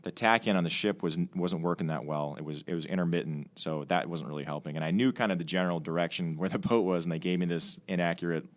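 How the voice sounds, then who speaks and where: A man's voice: deep voice, fast talker, hardly any pauses. A man, a Navy fighter pilot and training officer, telling stories in a casual podcast chat, rambling with many restarts and fillers. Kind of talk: casual conversational storytelling. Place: podcast studio.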